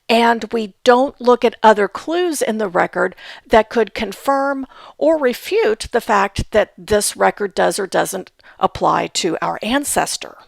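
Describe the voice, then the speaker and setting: A woman's voice: medium pitch, creaky, dry recording, clean studio sound. A woman giving a patient instructional talk on family history research, spelling out names letter by letter. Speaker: genealogy instructor.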